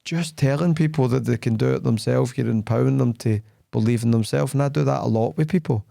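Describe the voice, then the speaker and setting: Gravelly Glaswegian man telling stories. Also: mid-range voice, fast talker, no room sound, studio quality. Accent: Glaswegian Scottish. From Glasgow, Scotland. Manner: animated storyteller acting out dialogue. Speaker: podcast host, sales leader. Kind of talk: casual conversational podcast.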